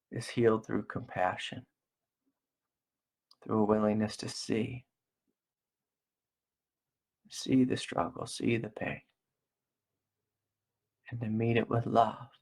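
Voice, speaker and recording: A middle-aged man giving a gentle, slow spiritual talk as a meditation teacher, repeating phrases softly. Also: on the low side, little pitch movement. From United States. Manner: slow, gentle and soft-spoken with repetitions.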